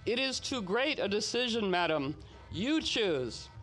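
A man's voice: sits high, big pitch swings, unhurried, a bit bright, faint music behind, exaggerated voice. A man voicing Sir Gawain, a flustered but courteous young knight who hesitates and fumbles his words. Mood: courtly.

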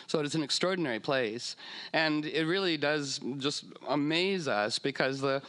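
A man's voice: on the high side, normal speed, fairly bright tone. Rambling, playful man telling a story. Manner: meandering, playful, puts on silly voices for whales. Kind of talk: casual storytelling talk.

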